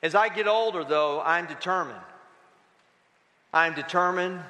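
Man preaching, middle-aged, high voice, expressive storyteller, long hall reverb. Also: moderate pace, long pauses. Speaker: pastor. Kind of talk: sermon.

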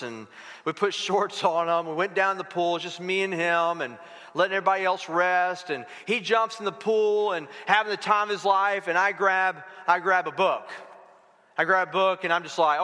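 A middle-aged male pastor giving a sermon, telling stories in an animated way and acting out the dialogue. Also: high voice, moderate pace. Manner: storytelling, animated, acts out dialogue. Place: church sanctuary. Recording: long hall reverb.

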